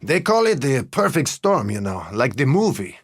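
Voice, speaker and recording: A man voicing a talkative middle-aged male cab driver with a heavy foreign accent, telling stories loudly and emphatically in an audiobook. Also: mid-range voice, sing-song, moderate pace, husky, dry recording, clean studio sound, pitched above the performer's own voice. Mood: emphatic. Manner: loud, emphatic storytelling.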